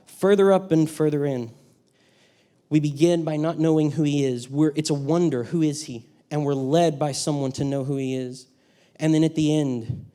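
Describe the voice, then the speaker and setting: A man's voice: a little high, warm tone. A man teaching a university class, lecturing and reading quotations aloud, asking his students questions as he goes. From Texas. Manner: reads quotes aloud, asks the class questions. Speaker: university instructor.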